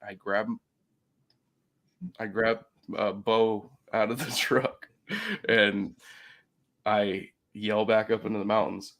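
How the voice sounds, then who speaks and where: A man casually telling a story, swearing freely, laughing between phrases, and swinging from loud to soft. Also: fairly low pitch, little pitch movement, takes it slowly, long pauses.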